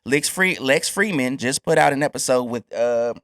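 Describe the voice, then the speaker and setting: An American man co-hosting a podcast, making political points in a measured, deliberate and earnest way. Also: mid-range voice, lively intonation, a bit bright, no echo, studio quality. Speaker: podcast co-host.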